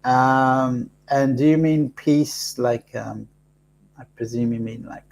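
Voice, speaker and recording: This is a man hosting a live card reading, taking his time with long pauses and frequent fillers. His voice has a gravelly, creaky edge, and his pitch sits in an ordinary middle range. He keeps a soft-spoken, halting delivery. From Africa. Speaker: host reading cards for live viewers.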